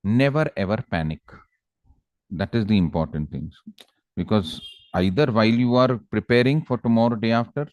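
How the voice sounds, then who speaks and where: A male teacher with an Indian English accent gives exam advice to students in a calm, coaxing way and acts out the characters in his stories. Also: lowish voice, moderate pace, dry recording, muffled recording. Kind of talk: exam-prep lecture with storytelling.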